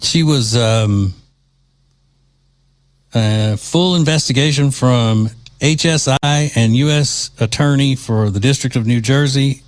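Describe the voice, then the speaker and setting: A man's voice: mid-range voice, takes it slowly. A man from Louisiana hosting a political talk show, delivering mocking, indignant commentary.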